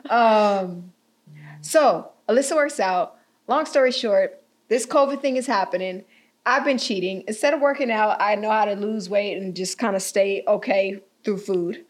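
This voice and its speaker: A young woman in casual chat, animated and slangy, laughing often. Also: medium pitch, normal speed.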